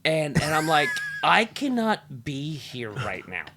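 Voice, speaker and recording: Casual podcast co-host, male, slightly high voice, tells stories by acting out every voice. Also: slow pace, background noise. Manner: animated storyteller who acts out voices in quotes. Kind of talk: casual chat among friends.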